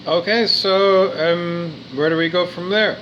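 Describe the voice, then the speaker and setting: Slow-talking earnest man, high voice. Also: steady tone, fairly bright tone, dull audio, a little hiss or hum. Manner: earnest, repetitive, with stumbles and restarts. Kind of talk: spiritual monologue.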